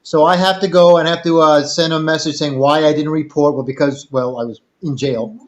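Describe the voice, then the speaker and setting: An older man spins a long personal story in a casual chat, drifting from point to point and voicing the people in it. His voice sits a little high. The sound is dull and lo-fi. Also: fairly even intonation, a little fast. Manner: rambling anecdotal, quotes others in dialogue. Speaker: storyteller guest.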